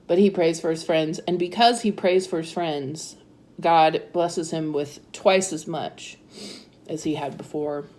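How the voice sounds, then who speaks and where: A woman in her thirties with a slightly low-pitched voice shares her own story. She talks in a chatty way, fills her sentences with "like" and laughs often. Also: steady tone, a little slow, a little mellow. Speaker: interviewee sharing her story. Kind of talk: personal storytelling.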